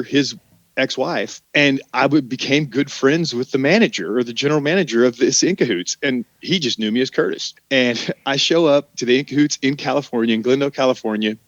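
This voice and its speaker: A man's voice: medium pitch, no room sound, dull audio. A middle-aged man from Oklahoma, an actor guesting on a podcast, telling loose, profane stories and acting out the people in them. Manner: animated storyteller, acts out quoted voices, loose and profane. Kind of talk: casual storytelling chat.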